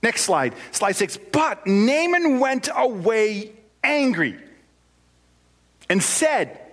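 A man's voice: very high voice, very animated, drawn-out words, fairly bright tone. A man preaching a sermon, telling the story in a playful, conversational way.

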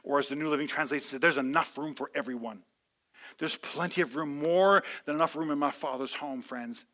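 A man preaching a sermon to a congregation. He speaks to them directly, and his delivery rises from calm teaching to loud, impassioned preaching. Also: on the high side, a little fast. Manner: addresses the audience directly, calls for responses. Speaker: pastor. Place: large room with a live congregation.

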